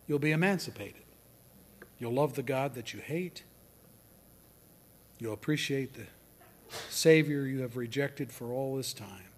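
A man preaching a sermon, swinging from loud declarations down to near-whispers. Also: mid-range voice, animated. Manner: slow and deliberate. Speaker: pastor.

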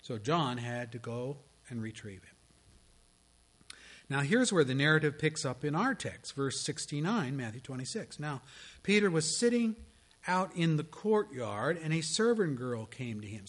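Preaching a sermon, this pastor tells it dramatically, dropping to near whispers and then rising to strong declarations. His voice sits on the high side.

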